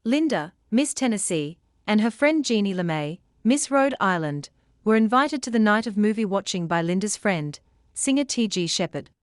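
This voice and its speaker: A woman reading scripted documentary narration in a measured, even way. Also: mid-range voice, no echo, clean studio sound.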